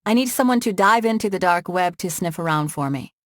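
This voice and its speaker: A woman voicing a sharp, practical young heroine in an audiobook, speaking dry and matter-of-fact. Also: on the low side, lively intonation, fairly quick, no room sound.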